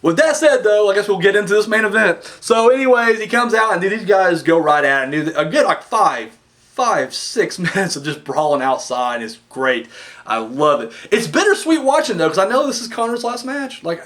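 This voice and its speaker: A young man giving a casual, excitable review of a wrestling show, slangy and full of "dude" and "like". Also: high-pitched, moderate pace.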